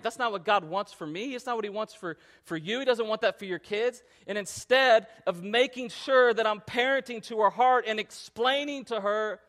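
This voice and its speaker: A man in his thirties preaching a sermon in an earnest, conversational way that climbs to loud emphatic passages. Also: high voice. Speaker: pastor.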